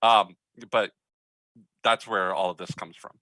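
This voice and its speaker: Bright-voiced game master, halting speech. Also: male voice, deep voice, steady tone, dry recording, low-quality recording. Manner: halting, many fillers, friendly. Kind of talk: running an online tabletop game.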